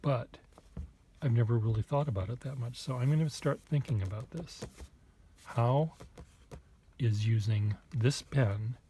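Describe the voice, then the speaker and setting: A man vlogging casually, thinking aloud in a halting, self-deprecating way, with muttered asides. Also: medium pitch, mellow, slight background noise.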